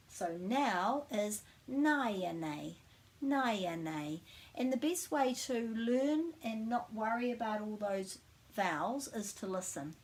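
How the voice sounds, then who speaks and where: A woman with a New Zealand accent giving a casual language lesson, friendly and slowing down to model each word. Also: medium pitch. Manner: friendly, slows down to model pronunciation. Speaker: language teacher.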